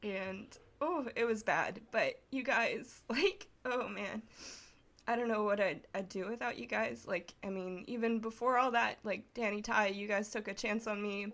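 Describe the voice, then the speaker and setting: A woman's voice: mid-range voice, unhurried, fairly bright tone. A woman guest on a podcast, crying as she talks through heartfelt thanks in casual chat over a remote call. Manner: emotional, tearful and heartfelt, with laughs. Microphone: remote call mic.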